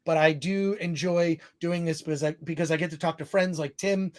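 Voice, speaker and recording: A man hosting a live-streamed podcast, with a voice that sits higher than most men's. He rambles along, reads viewer messages aloud and laughs easily at himself. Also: fairly even intonation, a little fast, darkish tone. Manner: rambling, laughing, self-deprecating. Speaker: podcast host. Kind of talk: live-stream podcast chat, reading super chats.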